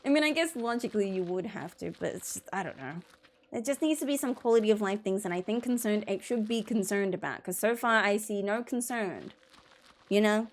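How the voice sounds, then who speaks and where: A woman's voice: mid-range voice, expressive, brisk. A woman streamer giving rambling, exasperated, jokey gameplay commentary.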